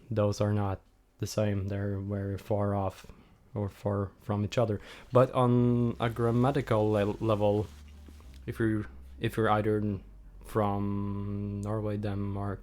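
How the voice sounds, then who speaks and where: Slow, rambling man. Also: on the low side. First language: Norwegian. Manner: relaxed, rambling, searches for words. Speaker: streamer. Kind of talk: casual chat with viewers. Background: faint background music.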